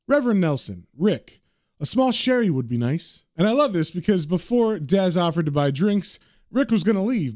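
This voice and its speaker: A man's voice: fairly high pitch, dark tone, dry recording, studio quality. A man casually narrating a comic book, chatty and conversational, with frequent fillers.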